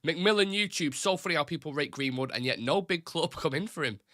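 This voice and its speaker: A man's voice: fairly high pitch, animated, fairly quick, fairly bright tone, no room sound, studio quality. A man hosting a live fan stream, chatting casually and reading out viewer comments in a rambling, self-deprecating way. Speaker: host of a live fan show.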